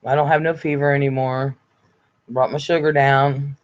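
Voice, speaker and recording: An older man chats casually on a home livestream, reading out viewer comments in a blunt, chatty way with the odd curse. His voice sits at an ordinary pitch and sounds a little congested. The audio is slightly dull and lo-fi. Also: little pitch movement, moderate pace. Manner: chatty, blunt, swears freely. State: recovering from illness, congested. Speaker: livestream host.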